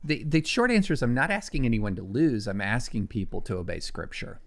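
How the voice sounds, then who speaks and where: A man talking as a podcast guest, earnest and emphatic, pressing his points with conviction. His voice sits at a middle pitch for a man, and he often restarts his sentences as he builds an answer. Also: expressive, a little fast, vocal fry. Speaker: guest commentator. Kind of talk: podcast conversation.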